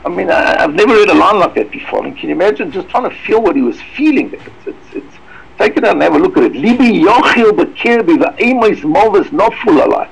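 A man giving an emphatic religious lecture, sprinkling in Hebrew and Yiddish terms, with sudden high swoops for emphasis. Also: lively intonation, fairly quick, creaky, slightly rough, poor audio. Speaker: rabbi giving a talk. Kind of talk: Torah lecture.

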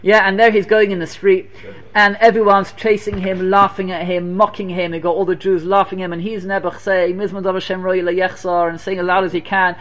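A man giving a sermon, telling a story with animated repetition and Hebrew and Yiddish terms sprinkled in. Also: high voice, brisk. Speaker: preacher telling a Torah story.

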